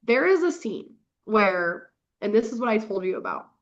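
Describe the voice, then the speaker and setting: A young woman hosting a podcast and recapping books in casual chat, gushing and swearing with quick bursts of laughter. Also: medium pitch, very animated. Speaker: podcast host. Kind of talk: casual book review chat. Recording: dull lo-fi recording.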